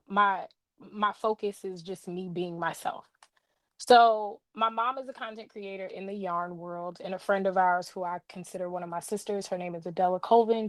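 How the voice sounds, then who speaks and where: A woman's voice: medium pitch, no room sound. A young woman who reviews books, chatting in an interview and telling stories with playful asides. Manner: animated storyteller with laughs and playful asides. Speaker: guest, book reviewer. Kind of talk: casual interview chat.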